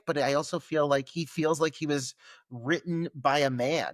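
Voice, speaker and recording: A man's voice: medium pitch, animated, normal speed, dry recording. A man co-hosting a film podcast, talking through characters in a loose, analytical way with casual swearing. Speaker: podcast co-host. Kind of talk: casual film review chat.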